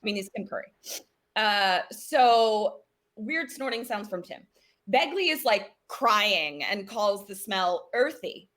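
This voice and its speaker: A woman hosting a comedic livestream who recaps a horror episode as an animated, giggly storyteller and quizzes her guests. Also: medium pitch, slow. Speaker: host running a horror story game.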